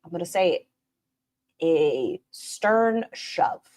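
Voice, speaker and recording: A woman reacting to clips on a stream, sarcastic and swearing freely, swinging from loud bursts to muttered asides. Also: on the low side, expressive, extremely slow. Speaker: commentary streamer.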